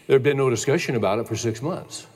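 A man in his sixties, a pastor telling a family story in a sermon, with slow emphatic declarations. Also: medium pitch, darkish tone. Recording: long church-hall reverb.

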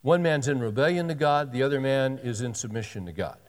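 A man in his sixties delivers a sermon in a relaxed, folksy way. He reads scripture with rising emphasis and drops in wry, joking asides. His voice carries a long reverb, as if he is filling a large hall. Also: mid-range voice, brisk. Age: 60s. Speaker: pastor.

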